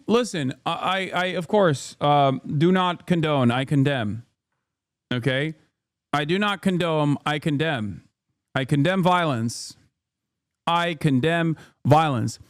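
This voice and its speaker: A man streaming casual reaction commentary, ranting in an animated, profane, rambling way into a close mic. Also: on the high side, slow, no echo. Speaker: streamer host.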